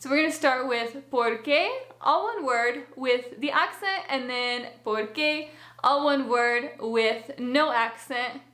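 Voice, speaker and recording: High-voiced woman teaching slowly. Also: bright, forceful tone, echoey room. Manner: patient, reassuring, step-by-step explaining. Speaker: language teacher. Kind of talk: explanatory language lesson.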